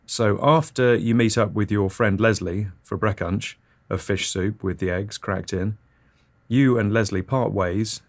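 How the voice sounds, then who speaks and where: A man's voice: fairly low pitch, unhurried. A man hosting an absurdist comedy podcast, reading scripted nonsense in a dry, matter-of-fact way. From Britain.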